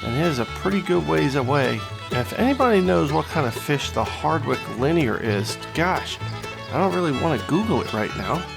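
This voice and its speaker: A man with a slightly raised, gravelly voice hosts a gaming video, calling the action with excitable, joking trash talk. Game music plays clearly under him. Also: on the high side, normal speed. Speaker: gaming channel host. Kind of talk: casual gameplay commentary.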